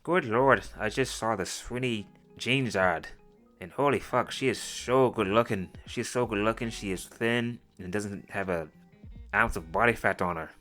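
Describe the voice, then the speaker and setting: A bitter, jealous middle-aged woman pours out self-pity about her lost youth, as a man mocks her. The voice stays low and deep, pushed loud, with a sneer under it. Soft music plays behind. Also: normal speed, lightly acted. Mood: mocking. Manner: mocking, self-pitying.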